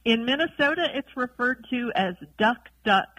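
A woman caller from South Carolina, telling her story in a chatty, measured way. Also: fairly high pitch, expressive, bright, forceful tone, no echo, rough recording.

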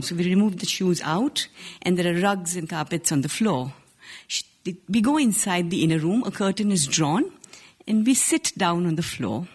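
A woman in her forties with an Indian accent tells a first-person story on stage. Her voice is husky and breathy, sitting at an ordinary middle pitch. She speaks in an earnest, measured way, now and then restarting a word. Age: 40s. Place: stage before a live audience.

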